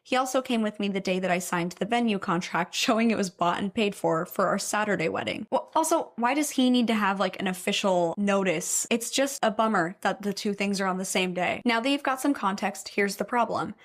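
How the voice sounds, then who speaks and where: A woman's voice: mid-range voice, fairly quick, hardly any pauses. A young woman gives casual commentary on stories she reads aloud. She is blunt and opinionated, and she swears freely as she talks. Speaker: story reader and commentator.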